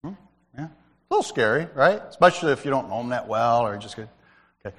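A man's voice: mid-range voice, lively intonation, fast talker, a bit bright, in a large hall. A man giving a testimony at church in a conversational, storytelling way, calling out to listeners by name. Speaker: lay speaker at church. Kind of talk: sermon-style testimony.

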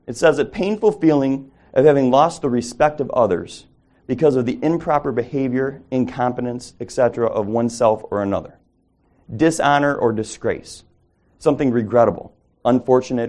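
A man with a warm, mellow voice teaches a small Bible study group. His delivery is conversational and relaxed, often pausing to ask his listeners questions and restating his words mid-sentence. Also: medium pitch. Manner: conversational, asks the group questions, self-corrections.

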